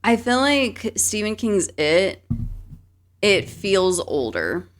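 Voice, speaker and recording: A woman's voice: mid-range voice, very animated, takes it slowly. A woman co-hosting a podcast in casual chat, chatty and laughing easily, with lots of fillers. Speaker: podcast co-host.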